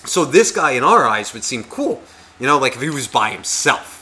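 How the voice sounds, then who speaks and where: In a medium-pitched voice at a moderate pace, a man co-hosts a podcast and tells a casual, profane story. He animates it by acting out the voices of the characters he quotes.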